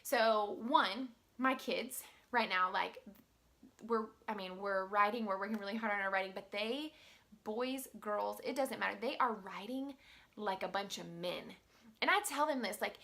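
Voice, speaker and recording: A woman teacher telling a story to the camera in a chatty, animated way, full of filler words. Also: medium pitch, normal speed.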